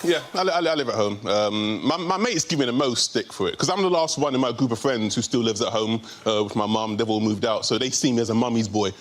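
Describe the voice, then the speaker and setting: A man's voice: lowish voice, brisk, hardly any pauses, slight background noise. A young man from England, doing a chatty stand-up routine with hesitant fillers. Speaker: comedian.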